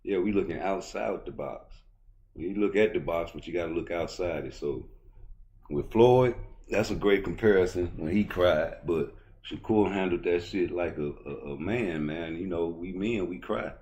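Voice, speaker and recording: A man's voice: sits low, normal speed. A middle-aged man with a Baltimore accent, giving a blunt, profane, swaggering boxing rant as a YouTube commentator. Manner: blunt, profane, swaggering street talk, rising loud when heated. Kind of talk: casual opinion rant.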